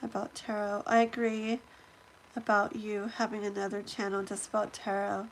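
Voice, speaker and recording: A woman with a stuffy nose hosting a casual live stream, reading viewer comments aloud and reacting in a chatty, excitable way. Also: medium pitch, normal speed, a little hiss or hum, poor audio. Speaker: livestream host.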